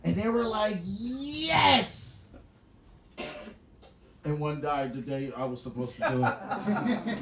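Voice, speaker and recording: A man doing a stand-up set in a small club, telling stories with loud laughter and a lot of swearing. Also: fairly high pitch. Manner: loud, laughing, profane storytelling. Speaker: stand-up comic. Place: small comedy venue. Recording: echoey small venue with laughing crowd.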